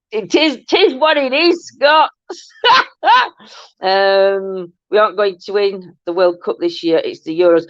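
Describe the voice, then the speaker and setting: A woman's voice: on the high side, dry recording. Chatty woman, dull lo-fi sound. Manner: rambling, chatty, breaks into frequent laughter. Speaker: host. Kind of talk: casual live-stream chat.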